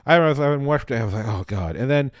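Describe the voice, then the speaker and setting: A man's voice: medium pitch, smooth, no room sound, clean studio sound. A man hosting a podcast, chatting casually and animatedly, swearing now and then. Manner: fast, animated talker with swearing and laughs. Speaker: podcast host; library security worker. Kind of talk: casual chat.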